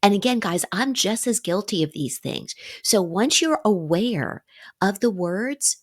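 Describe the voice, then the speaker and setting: A woman's voice: medium pitch, animated, unhurried. A middle-aged woman hosts a solo coaching podcast. Her delivery is upbeat and encouraging, and she speaks straight to her listeners as if chatting with friends. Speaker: podcast host.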